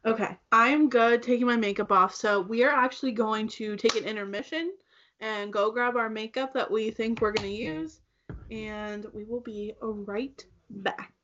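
A young woman with a fairly bright, higher-pitched voice co-hosts a casual makeup conversation at a moderate pace. She chats loosely, leaning on "like" constantly, and the dull lo-fi recording carries a little hiss or hum.

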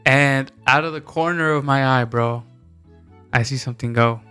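A young man on a podcast, telling a story in a casual, animated way, slangy and full of swearing. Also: mid-range voice, normal speed, smooth, soft background music. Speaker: podcast co-host.

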